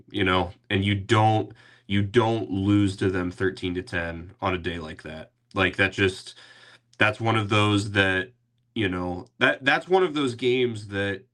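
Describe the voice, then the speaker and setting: Rambling low-voiced male podcast host. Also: a little slow, a bit bright. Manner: rambling, with many fillers and restarts. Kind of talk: casual sports chat.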